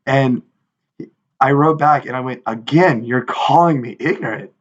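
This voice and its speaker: A man in his thirties co-hosting a podcast, telling an animated story in casual chat and acting out quoted lines with exasperation. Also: mid-range voice, measured pace, dull audio. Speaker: podcast co-host.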